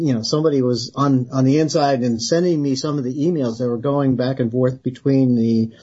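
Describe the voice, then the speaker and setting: Man, middle-aged, husky, mellow, storytelling guest, slightly dull lo-fi sound. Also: mid-range voice. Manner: animated storyteller who acts out quoted dialogue and laughs. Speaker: guest, retired Army researcher. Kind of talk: storytelling in an interview.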